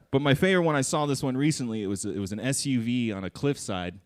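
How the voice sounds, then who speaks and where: A man's voice: medium pitch, fast, few pauses. A man doing a stand-up comedy set on a theater stage, crude and profane, acting out little voices in his bits.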